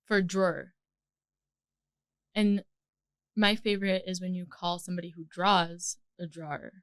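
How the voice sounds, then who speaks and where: A woman's voice: on the low side, flat delivery, measured pace, no echo, clean studio sound. A young woman co-hosting a podcast in playful, teasing casual chat, giggling often. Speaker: podcast co-host.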